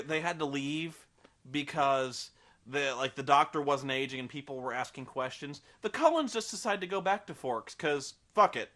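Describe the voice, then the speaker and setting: Snarky, rambling male film reviewer, bright tone, animated delivery. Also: on the high side. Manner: rambling, sarcastic, profane.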